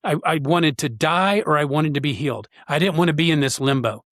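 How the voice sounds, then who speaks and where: A man, a podcast guest, telling a personal story in an earnest, halting way with frequent pauses. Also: on the high side, a bit bright, no room sound, studio quality.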